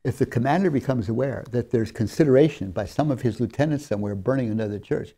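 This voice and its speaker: A man's voice: medium pitch, fast, few pauses. A man giving a recorded seminary lecture, telling stories in an earnest, emphatic way. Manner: earnest storyteller, warmly emphatic on key lines.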